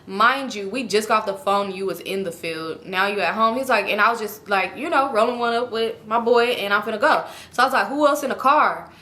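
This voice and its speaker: A young woman telling a story in a casual vlog, animated and swearing freely as she acts out both sides of the conversations. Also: mid-range voice, a little fast, hardly any pauses. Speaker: storytime vlogger.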